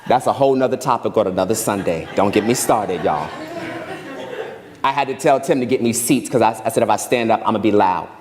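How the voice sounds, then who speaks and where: A man's voice: fairly low pitch, brisk, a little mellow. A man preaching a sermon as guest minister, emphatic and folksy, repeating his phrases for weight. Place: large church hall. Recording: long hall reverb with instrument behind.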